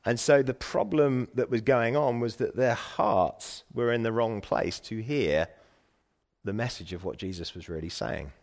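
A man's voice: mid-range voice, unhurried, gravelly, a little mellow. A man preaching a sermon as pastor, earnest and emphatic.

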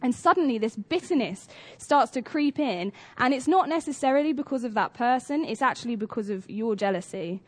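A young woman with a British accent delivers a church sermon in a relaxed, conversational way. Her voice sits a little on the high side. She tells stories by acting out each character's lines. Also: fairly quick, hardly any pauses. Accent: British English. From Britain. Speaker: church speaker. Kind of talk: sermon talk.

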